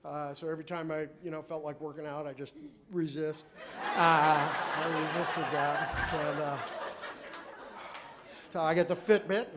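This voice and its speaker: High-voiced man doing rambling stand-up. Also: steady tone, unhurried. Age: middle-aged. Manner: rambling, self-mocking, with restarts and punchlines. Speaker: stand-up comedian. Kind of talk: stand-up routine. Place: comedy club stage. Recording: live club recording with crowd noise. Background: audience laughter.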